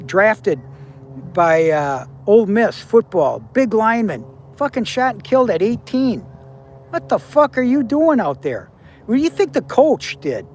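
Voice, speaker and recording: A man's voice: high-pitched, slight background noise. Blunt, profane man in his seventies. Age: 70s. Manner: blunt, profane, preachy advice. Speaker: livestream host. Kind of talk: casual livestream talk to viewers.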